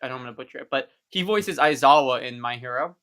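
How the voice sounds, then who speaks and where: A man's voice: mid-range voice, fast, sharp tone. A man hosting a casual live stream chat, talking eagerly and explaining things at length. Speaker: host.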